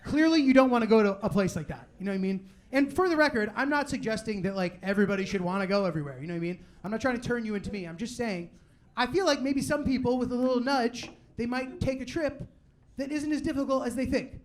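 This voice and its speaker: High-voiced rambling young stand-up comic. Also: male voice, lively intonation. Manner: rambling and conversational, lots of "like" and "you know what I mean"; quotes people in quick asides. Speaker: stand-up comedian. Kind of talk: stand-up set. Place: live comedy venue with audience.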